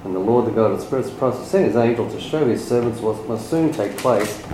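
A man's voice: mid-range voice, brisk. A man in a study group reading scripture passages aloud and commenting in a casual, conversational way. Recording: echoey, noisy room, voice off-mic.

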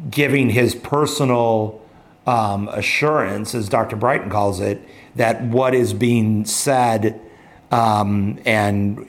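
A man leading a Bible study, explaining scripture in a thoughtful, halting way with many pauses and fillers. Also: fairly low pitch.

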